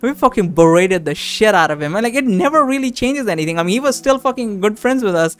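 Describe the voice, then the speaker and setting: A man's voice: high voice, fast, clear, resonant tone. A man in his twenties giving casual, rambling commentary while playing a visual novel, swearing a lot. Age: 20s. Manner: animated, swearing, rambling with many fillers. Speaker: let's play host.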